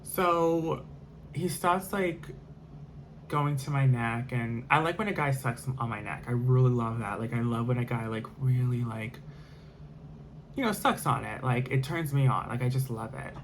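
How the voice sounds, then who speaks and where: A man's voice: mid-range voice, unhurried, slight background noise. A man telling a personal story in a casual monologue, rambling with lots of fillers and restarts.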